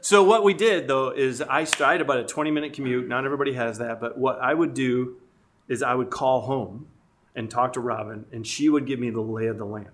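A man's voice: mid-range voice, fairly quick, fairly bright tone. A middle-aged man telling casual, self-deprecating stories about marriage and parenting, laughing often. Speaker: guest speaker. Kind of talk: casual storytelling about family life.

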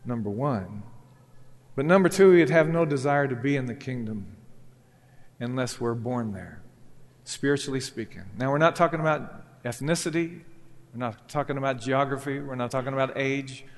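A man's voice: mid-range voice, lively intonation, normal speed. A male pastor preaching a sermon, telling a parable and voicing its characters as he goes. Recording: long reverb of a church hall.

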